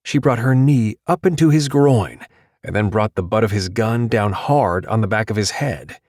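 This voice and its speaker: A man with a low voice reads an audiobook in a steady, measured way. The studio sound is close and dry, with no echo.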